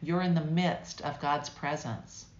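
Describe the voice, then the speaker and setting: A woman reading her devotional reflection aloud in a calm, measured, thoughtful way. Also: low-pitched, roomy sound, dull audio, slight background noise. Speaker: guest devotional writer.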